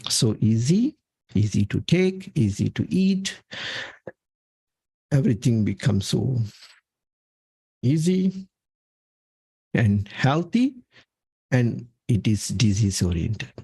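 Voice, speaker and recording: A man's voice: fairly low pitch, sing-song, slow pace, creaky, pauses often, warm tone, slightly rough, dry recording. A man presenting a health talk from slides, emphatic and punctuating his points with "okay". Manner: emphatic, repeats "okay" often. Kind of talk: talking through slides.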